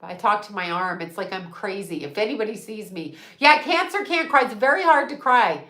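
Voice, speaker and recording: A woman's voice: mid-range voice, animated, fairly quick, bright, forceful tone, roomy sound. A middle-aged woman, a psychic medium, chatting casually and bluntly, swearing freely and laughing often. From United States. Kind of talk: casual livestream chat.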